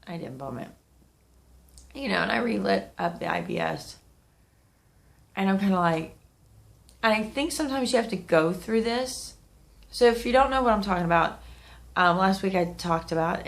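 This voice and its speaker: Gravelly and lowish, a woman's voice moves at a moderate pace. She's a vlogger in her thirties, sick and sniffling, chatting frankly and wandering off topic to camera.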